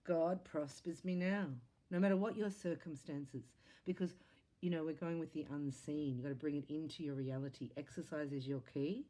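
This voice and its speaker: A low-voiced woman gives a tarot reading straight to camera. Her tone is soft and mellow, and her sing-song delivery keeps leaping up and dropping back down. She sounds earnest and encouraging throughout. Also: normal speed. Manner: animated, sing-song delivery with big swings in pitch and loudness; earnest, encouraging spiritual talk. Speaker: psychic tarot reader.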